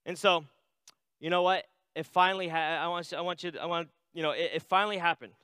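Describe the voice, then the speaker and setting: A man's voice: fairly high pitch, steady tone, quick pace, bright, forceful tone, clear, resonant tone, no room sound. A man preaching a sermon in a conversational way, reading scripture aloud and adding "right?" asides. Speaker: pastor.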